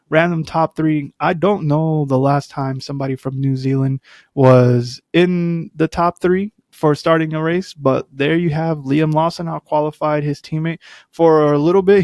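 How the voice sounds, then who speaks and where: A man's voice: on the high side, vocal fry, darkish tone, no echo, studio quality. A man hosting a podcast, giving a casual solo commentary, chatty and rambling with lots of fillers and asides. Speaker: podcast host.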